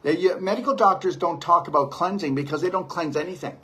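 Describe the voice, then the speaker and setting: A man's voice: sits high, fast, bright, forceful tone, breathy edge. A man, a detox practitioner, giving an impassioned, preachy monologue to camera and repeating his stock phrases. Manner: emphatic and preachy, repeats "the reality is". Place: home near a beach.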